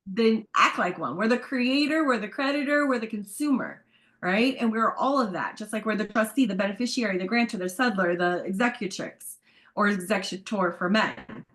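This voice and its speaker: Woman co-host, enthusiastic and emphatic, medium pitch. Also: lively intonation, normal speed, a bit bright. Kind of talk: casual chat on a community call.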